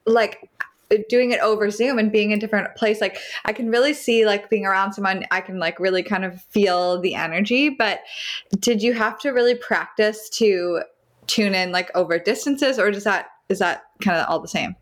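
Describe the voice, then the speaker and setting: A woman's voice: medium pitch, normal speed. A woman hosting an interview in a casual, curious and affirming way. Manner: curious, asks questions, affirming. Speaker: interviewer host.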